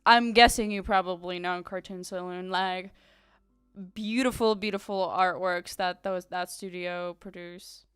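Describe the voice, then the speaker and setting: A woman's voice: on the low side, fairly even intonation, unhurried, fairly bright tone, clean tone, no echo, studio quality, soft background music. A woman streamer chatting casually and reading chat aloud, giggling often and using lots of fillers. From Ukraine.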